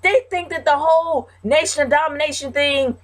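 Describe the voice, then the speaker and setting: A woman's voice: high voice, moderate pace. A woman hosting a casual question-and-answer vlog, giving blunt, emphatic opinions. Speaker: wrestling vlog host.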